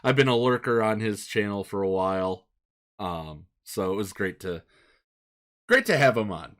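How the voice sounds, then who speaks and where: A man's voice: lowish voice, animated, normal speed, a bit bright. Chatty, upbeat male podcast host. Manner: upbeat, chatty, prone to restarts. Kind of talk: casual chat. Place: home studio room.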